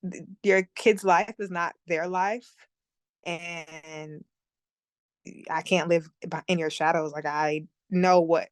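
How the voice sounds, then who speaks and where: A young woman chatting in an interview, relaxed, laughing often and using plenty of fillers. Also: fairly low pitch, no echo. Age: young adult. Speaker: guest. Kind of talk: casual interview chat.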